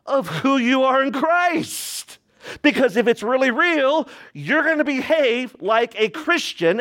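A man preaching a sermon as a pastor, speaking emphatically, asking the congregation rhetorical questions and swinging between raised and hushed delivery. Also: very high voice.

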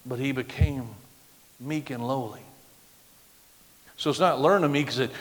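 A middle-aged man preaching a sermon with a loud, projecting voice, acting out the voices of the people he quotes. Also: medium pitch, moderate pace, pauses often. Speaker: pastor. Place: church sanctuary. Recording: long hall reverb.

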